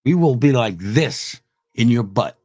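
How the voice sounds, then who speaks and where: A man's voice: medium pitch, animated, unhurried, warm tone, no room sound, studio quality. A man hosting a livestream, ranting angrily and profanely, repeating himself as he challenges his critics. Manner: profane, combative, repetitive. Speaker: livestream host. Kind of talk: angry livestream rant.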